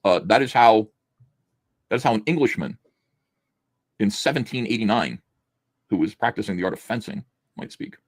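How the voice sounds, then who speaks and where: A man's voice: fairly low pitch, animated, moderate pace, long pauses, no room sound. A man hosting a comic book review, chatting casually with sarcastic jokes and laughter, acting out the panels as he reads. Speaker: host reviewing comic books. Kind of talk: casual review chat, reading aloud.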